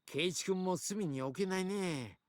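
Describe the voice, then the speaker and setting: An actor playing an easygoing, good-humoured man who jokes in a relaxed way. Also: sits high, fast talker, dry recording, lightly acted. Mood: joking. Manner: relaxed, joking.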